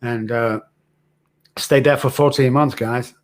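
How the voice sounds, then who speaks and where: A man's voice: medium pitch, steady tone, takes it slowly. A middle-aged man, frankly telling his own hard story as a podcast guest. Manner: earnest, raw, frank. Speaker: recovery expert guest. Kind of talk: candid personal storytelling.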